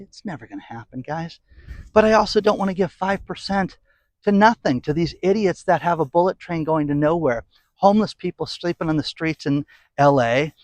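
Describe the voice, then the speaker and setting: A man's voice: a little high, no echo. A middle-aged man delivering an opinionated, sarcastic commentary rant as a vlogger. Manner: sarcastic, ranting, mocking.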